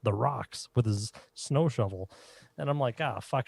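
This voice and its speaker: A man's voice: medium pitch, a little slow, gravelly, husky, no echo. A man co-hosting a casual comedy podcast, telling a story with lots of acted-out quotes in a raised voice. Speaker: podcast co-host. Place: home recording, remote podcast.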